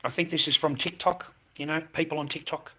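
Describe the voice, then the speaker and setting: A man's voice: on the high side, fairly even intonation, a little fast, bright, forceful tone, a little hiss or hum, poor audio. A middle-aged man ranting crudely on a livestream, swearing constantly and taunting viewers. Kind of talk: profane livestream rant.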